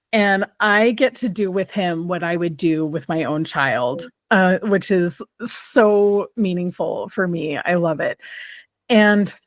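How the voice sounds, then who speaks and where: A woman talks in a relaxed, expressive way and laughs easily. Her voice sits at a middling pitch for a woman. The sound is close and dry. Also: dry recording. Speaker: guest, child behavior specialist and parent coach. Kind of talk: casual conversation.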